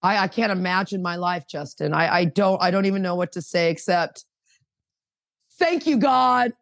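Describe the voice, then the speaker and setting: A woman's voice: fairly low pitch, fairly even intonation, brisk, dry recording, studio quality. A woman in her fifties sharing her recovery story at an online meeting, fervent and emotional, firing off rhetorical questions over a video call. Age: 50s.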